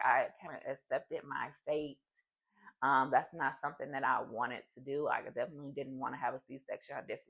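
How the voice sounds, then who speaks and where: A woman's voice: rumbling low, creaky, dull audio. A young adult woman vlogger telling a personal story in a casual, chatty way, full of fillers. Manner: chatty, animated, many fillers.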